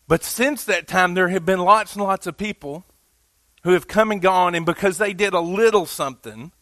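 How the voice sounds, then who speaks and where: High, bright-voiced man preaching. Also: normal speed, dry recording. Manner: conversational preaching, with emphatic rises. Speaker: pastor. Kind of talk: sermon. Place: church.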